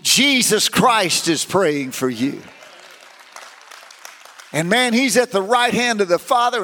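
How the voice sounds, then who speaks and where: A male pastor preaching a sermon, telling a story with emphasis and building up to shouting. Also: sits high, animated, measured pace, long reverb tail, some chatter behind.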